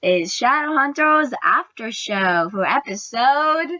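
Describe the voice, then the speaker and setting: A woman's voice: a little high, takes it slowly, no room sound. Gushing young woman fan reviewing. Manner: gushing, excitable, drops into whispers. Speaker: booktuber reviewing a TV episode. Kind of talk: casual video review. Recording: dry, dull lo-fi sound.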